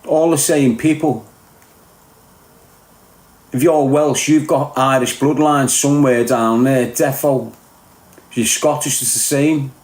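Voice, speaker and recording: A man's voice: medium pitch, steady tone, takes it slowly, long pauses, a little mellow, echoey room, low-quality recording. A man with a Liverpool Scouse accent talking bluntly and emphatically in a casual podcast chat, swearing often. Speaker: podcast guest.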